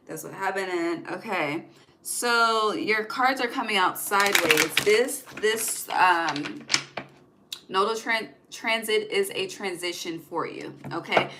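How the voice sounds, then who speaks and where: A woman's voice: mid-range voice, slow, noisy background. A young woman giving a casual tarot reading, chatty and profane, often laughing and trailing off mid-thought. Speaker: tarot reader.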